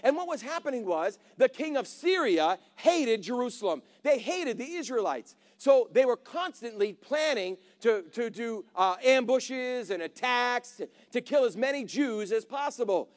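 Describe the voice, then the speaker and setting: High-voiced animated male preacher. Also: normal speed, few pauses. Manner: animated, acts out characters, calls to congregation. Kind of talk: sermon storytelling.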